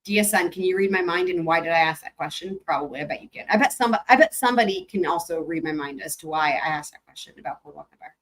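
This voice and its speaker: A woman's voice: lowish voice, fast talker, hardly any pauses. A young adult woman hosting a livestream, chatting casually with viewers, rambling and laughing, swearing freely. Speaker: livestream host.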